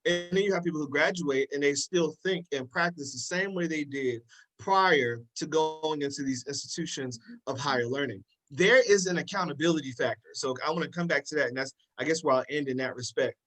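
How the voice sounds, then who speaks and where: A man's voice: a little high, fairly quick, fairly bright tone, faint music behind, rough recording. A man speaking as a guest in a live panel discussion, impassioned and preacherly in cadence, often repeating the same phrases. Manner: repeats "in that respect".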